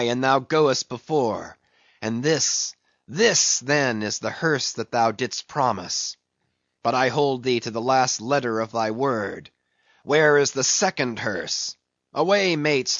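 A fierce, obsessed old sea captain, as a man reading aloud puts him on, barking orders in a dry, slightly dull recording. His voice sits at an ordinary pitch for a man and drives each command home. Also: a bit bright, no echo. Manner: fierce, declamatory.

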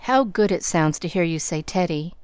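A woman's voice: lowish voice, lively intonation, moderate pace, a little mellow, smooth, no room sound, close to an everyday voice. A woman voicing a playful, mischievous young man with a mock-serious manner in an audiobook reading.

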